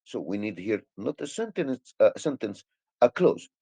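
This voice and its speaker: A man's voice: on the low side, big pitch swings, normal speed, mellow, husky, no room sound. A male English teacher with an Egyptian accent, a native Arabic speaker, explaining grammar hesitantly with many fillers and restarts.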